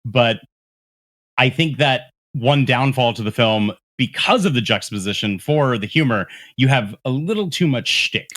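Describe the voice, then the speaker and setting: A man's voice: medium pitch, lively intonation, moderate pace, a bit bright. A man co-hosting a casual movie podcast, in an ordinary middle-range voice. He often repeats words and restarts sentences while he works out what he means. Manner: hesitant starts, repeats words while gathering thoughts. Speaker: podcast co-host. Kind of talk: casual movie review chat.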